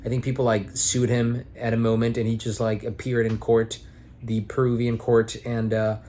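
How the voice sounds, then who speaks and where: A man's voice: medium pitch, completely flat delivery, normal speed, mellow. A young man talking at home in a casual, reflective vlog monologue, rambling and earnest with some casual swearing. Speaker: vlogger and aspiring actor.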